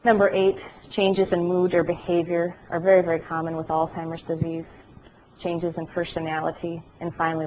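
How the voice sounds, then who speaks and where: Woman educator, lower pitch, animated lecturer who likes a joke. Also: slight background noise, rough recording. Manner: animated storytelling with jokes. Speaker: dementia care educator. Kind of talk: lecture to a class, also telecast. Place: classroom or lecture hall.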